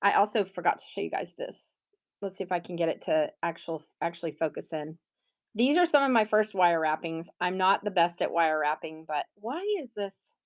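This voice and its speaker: A woman hosting a casual live stream to sell her handmade pieces, talking in a chatty, excitable way with plenty of fillers. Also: lowish voice, normal speed.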